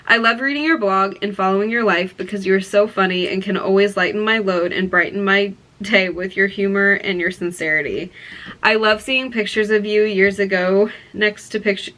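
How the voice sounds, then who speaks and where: A young woman vlogging to camera, telling an excited story with gushing exclamations and lots of fillers. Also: mid-range voice.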